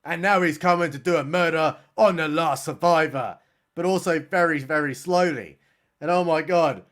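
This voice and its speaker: A man's voice: sits high, fairly bright tone. A man giving a sarcastic, mocking comedic recap of a film. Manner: sarcastic, mocking, does quick voices for characters. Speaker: film reviewer.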